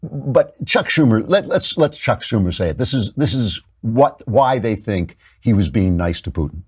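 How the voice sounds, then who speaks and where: A man's voice: lowish voice, expressive, normal speed, a little mellow, breathy edge. A man hosting a show, giving a sarcastic, mocking political commentary monologue. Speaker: show host.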